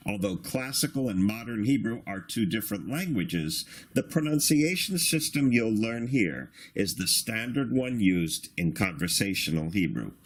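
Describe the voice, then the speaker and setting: A man teaching a beginner reading lesson in a patient, instructive way, sounding out syllables slowly. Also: fairly low pitch, lively intonation. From Australia. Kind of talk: slow recorded reading lesson.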